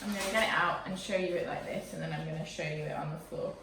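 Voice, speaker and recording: A pregnant young woman gushing excitedly through an unboxing vlog in her living room, a little out of breath. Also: sits low, fast talker, far from the mic, a little hiss or hum. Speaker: parenting vlogger. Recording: echoey room, camera mic away from her.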